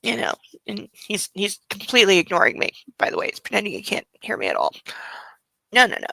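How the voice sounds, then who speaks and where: A woman's voice: mid-range voice, huge pitch swings, fairly quick, gravelly, sharp tone, dry recording, rough recording. A woman hosting a casual late-night livestream from home, cooing baby talk to her dog and swearing freely. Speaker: livestream host.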